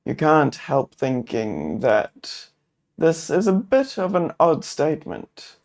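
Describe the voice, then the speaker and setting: Slow, gravelly man narrating a solo game. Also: on the high side, wildly swooping pitch, a little mellow. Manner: slow, musing, thinking aloud with many fillers. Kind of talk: narrating a solo tabletop adventure.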